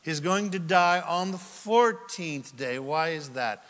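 A man preaching a sermon in a large hall with a long reverb. His voice sits high and he talks unhurriedly. He asks questions and answers them himself, and swings from loud cries down to near-whispers. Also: expressive, takes it slowly. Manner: dramatic, rises to loud quoted cries then drops to near-whispers.

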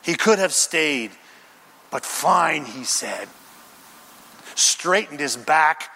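A man's voice: on the high side, expressive, slow, pushed and bright, long reverb tail. A male pastor preaching a sermon, acting out the quoted lines and calling out questions to the congregation.

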